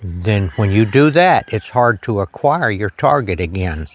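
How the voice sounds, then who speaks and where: A man demonstrating archery outdoors on a shirt lavalier, talking slowly and plainly and drifting into preacherly reflections on faith. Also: lowish voice, expressive. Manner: slow, plain-spoken, preacherly asides. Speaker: archery vlogger. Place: outdoors on a rural property.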